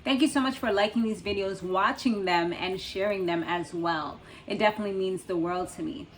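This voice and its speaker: A woman's voice: mid-range voice, a little fast, a little hiss or hum. A young woman hosting her own channel, recapping a reality show in a chatty, loose way, full of fillers and frequent laughs. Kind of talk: casual recap commentary.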